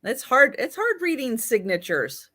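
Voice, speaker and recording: A woman's voice: high-pitched, huge pitch swings, a little slow, pushed and bright. A woman co-hosting a live vintage sale, chatting casually about old films and suits. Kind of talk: casual live-stream chat.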